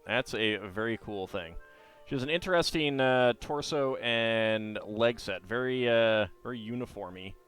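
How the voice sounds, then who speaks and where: Man, live-stream commentary, rambling, smooth clear voice, faint music behind. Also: medium pitch, a little slow, a bit bright. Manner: thinks aloud, hesitant and rambling.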